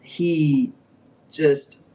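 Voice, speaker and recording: A man's voice: on the high side, fairly even intonation, very slow, dark tone. Brief: young male vlogger, casual and rambling, dull, slightly distant recording. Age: young adult. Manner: rambling, with many fillers and restarts. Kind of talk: casual storytelling. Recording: dull sound, a bit far from the mic.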